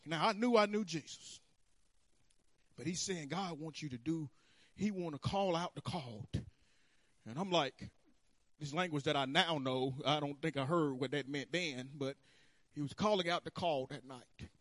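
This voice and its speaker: A man preaching a sermon, telling his own story with animated swings between hushed and loud. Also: a little high, normal speed, dry recording. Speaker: pastor. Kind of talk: sermon testimony. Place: church sanctuary.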